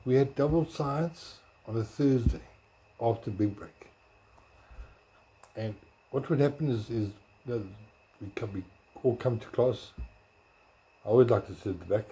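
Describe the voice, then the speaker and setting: A man telling stories from his school days in a rambling, casual way. He corrects himself and searches his memory aloud, sometimes talking softly. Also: medium pitch, unhurried, pauses often, slightly rough, low-quality recording. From South Africa. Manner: talks softly at times. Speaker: blogger. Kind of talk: casual storytelling.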